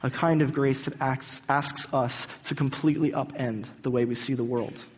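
A man's voice: medium pitch, fairly even intonation, normal speed, husky. A man preaching a sermon, retelling a story in an earnest, dramatic storytelling manner. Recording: hall reverb.

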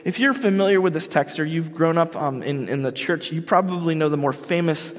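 A man who pastors the congregation preaches a conversational sermon, joking and telling stories in a casual way. His voice is a little high and a little fast, and the recording has a long hall reverb.

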